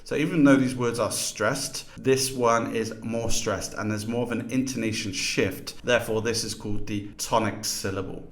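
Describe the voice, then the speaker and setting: A man's voice: fairly low pitch, fairly even intonation, normal speed, few pauses. A man teaching a lesson in scripted narration, explaining terms and demonstrating pronunciations aloud.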